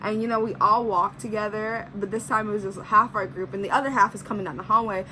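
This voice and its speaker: A woman's voice: mid-range voice, steady tone, quick pace, pushed and bright, a little hiss or hum, low-quality recording. A young woman vlogger chatting through a personal story, full of "like" and acting out what people said. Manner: chatty, heavy use of "like", acts out quotes. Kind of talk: casual storytime.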